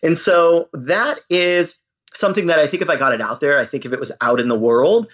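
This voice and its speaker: A man's voice: fairly high pitch, fairly quick, a bit bright, lo-fi sound. A man chatting playfully as a podcast guest, laughing easily. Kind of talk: casual interview chat.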